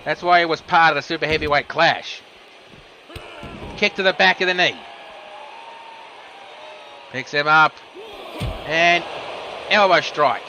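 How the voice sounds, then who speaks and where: A man commentates a wrestling match, calling each move the moment it lands. His voice sits a little high, and he slips in casual remarks between moves. Steady noise runs under the recording. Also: rough recording. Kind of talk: play-by-play commentary.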